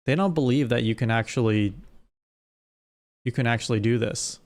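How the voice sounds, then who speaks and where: A young man streaming live, chatting casually with his viewers while gaming, animated and rambling with restarts. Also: mid-range voice, moderate pace. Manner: animated, talks straight to chat, rambling with restarts.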